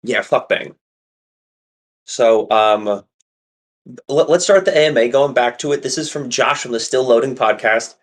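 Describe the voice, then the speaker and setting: Male co-host, average pitch, rambling chatty storyteller. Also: moderate pace. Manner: rambling, lots of fillers. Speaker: podcast co-host. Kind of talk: casual chat.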